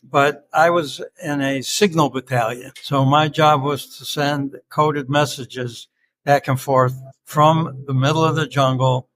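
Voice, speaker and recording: A man's voice: fairly high pitch, fairly even intonation, measured pace, crowd noise. A man in his seventies, a podcast guest, tells stories in a joking, easygoing way. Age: 70s. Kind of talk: casual interview storytelling.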